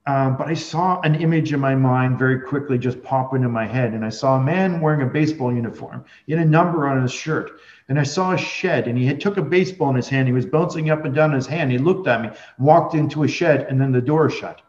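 A man's voice: mid-range voice, quick pace, a little mellow. A man, a guest on a podcast, telling a long rambling story in a casual way, with many restarts and fillers. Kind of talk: conversational storytelling. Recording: roomy, dull lo-fi audio.

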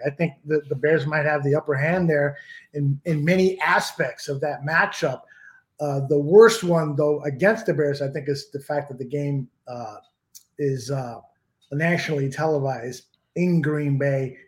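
A man's voice: fairly high pitch, steady tone, unhurried. A man hosting a casual sports chat, easygoing and hesitant, with frequent fillers as he reads chat and brings guests in. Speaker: show host.

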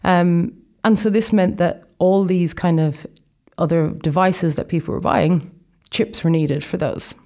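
A young Irish woman with a notably low voice talks through her plans in an easygoing, rambling way. She keeps drifting into friendly asides as she explains. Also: steady tone, a little slow, mellow. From Ireland. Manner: chatty and rambling, with frequent asides. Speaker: vlogger. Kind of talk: casual explanatory vlog.

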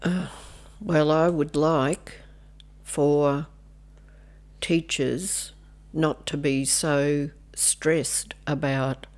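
A woman's voice: sits low, steady tone. An older woman, a nun and former educator, chatting as a podcast guest with many hesitations. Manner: slow, hesitant, with many ums and soft asides. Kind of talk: casual podcast chat.

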